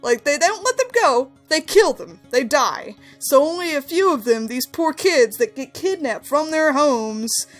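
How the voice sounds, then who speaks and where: A young woman chats about a video game, her voice sitting a little high and jumping up when she gets worked up over a story. Faint background music plays under her. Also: unhurried, few pauses. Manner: animated storyteller, rising to high exclamations. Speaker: host. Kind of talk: casual game discussion.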